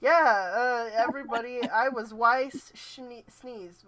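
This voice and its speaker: A woman's voice: on the high side, flat delivery, slow pace, a crowd in the background. A woman co-hosting a casual livestream, joking and laughing often. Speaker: livestream co-host and voice actor.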